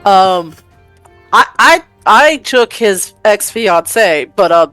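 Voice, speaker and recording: A player in a tabletop game, chatting casually and haltingly with many fillers. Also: mid-range voice, lively intonation, bright, forceful tone, dry recording, faint music behind.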